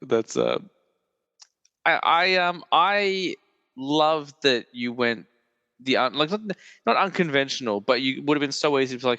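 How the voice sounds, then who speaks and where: A man's voice: medium pitch, expressive, measured pace, sharp tone, no room sound, in a large hall, highs cut off. A man hosting a film podcast, chatting casually with many "like" fillers and easy laughs. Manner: rambling, lots of "like" fillers, laughs often. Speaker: podcast host. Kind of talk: casual chat.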